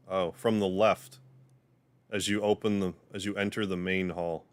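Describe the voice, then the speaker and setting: Deep-voiced man reading a story game aloud. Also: moderate pace, no echo. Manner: steady reading with casual asides. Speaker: streamer. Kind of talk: reading a visual novel aloud on a livestream.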